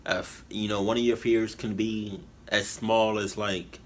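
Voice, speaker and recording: A man giving halting, emotional commentary on a reaction video, full of fillers and restarts. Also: fairly low pitch, flat delivery, a little hiss or hum. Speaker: YouTube reactor. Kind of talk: rambling heartfelt commentary.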